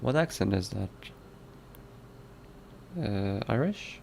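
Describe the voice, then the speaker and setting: A man's voice: lowish voice, slow, vocal fry, pauses often, darkish tone, a little hiss or hum. A man who develops games, musing aloud to himself in a casual working vlog and chuckling at himself. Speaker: game developer.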